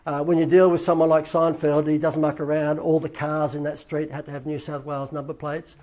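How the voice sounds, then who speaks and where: An Australian man tells a story in a quick, rushing patter. His voice sits a bit high, and he hosts in a loose, rambling way, acting out every bit of quoted dialogue. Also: flat delivery, darkish tone. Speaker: host. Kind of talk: casual anecdotal storytelling.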